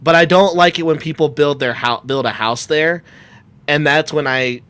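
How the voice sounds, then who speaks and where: A young man spins a rambling story on a podcast and jumps into other people's voices as he goes. His voice sits a bit high. The sound is close and dry. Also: moderate pace, clear, resonant tone, no echo. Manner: animated storyteller, acts out quotes with shouts and laughs. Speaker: podcast guest, comic creator. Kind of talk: casual storytelling chat.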